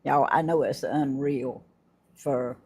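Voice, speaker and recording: Husky woman chatting with viewers. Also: very deep voice, fairly even intonation, slow, mellow. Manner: chatty, effusive, laughs often, talks to viewers. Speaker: livestream host. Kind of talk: casual live chat unboxing gifts.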